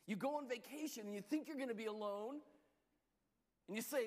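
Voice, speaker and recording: A man preaching a sermon and telling stories, with lively shifts between soft and loud delivery. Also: a little fast, long pauses, long reverb tail. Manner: storytelling, lively shifts in pitch and loudness. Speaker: pastor.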